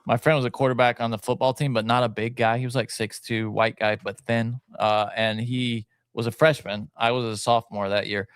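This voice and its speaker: A man co-hosting a podcast, chatting casually and telling stories in a relaxed way. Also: medium pitch, a little fast, hardly any pauses, clean tone, no echo, clean studio sound. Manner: relaxed, conversational, comments on video. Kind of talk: casual chat, storytelling.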